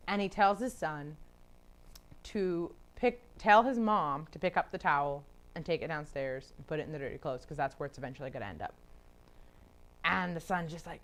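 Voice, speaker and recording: A chatty woman teaching a casual Bible study, with a voice a little lower than most women's. She talks in loose, friendly runs, laughs often and fills her talk with "like". She slips into quick voices for the people in her stories. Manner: acts out quoted people in talk.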